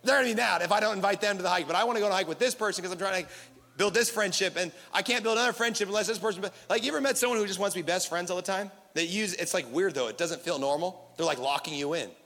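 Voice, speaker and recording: A young man preaching a sermon to his congregation, with animated, playful asides to the crowd. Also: high-pitched, rapid-fire. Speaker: pastor. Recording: reverberant hall.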